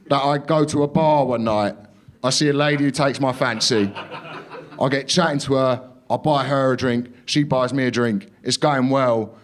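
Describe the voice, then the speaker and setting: A young man performing a stand-up comedy set, telling a story in a punchy way, acting out quotes and swearing as he goes. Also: medium pitch. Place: comedy club stage.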